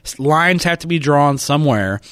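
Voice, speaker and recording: A man co-hosting a casual sports podcast who chats in a jokey way and throws in quick asides. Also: a little high, expressive, fairly bright tone, no echo, studio quality. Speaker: podcast co-host.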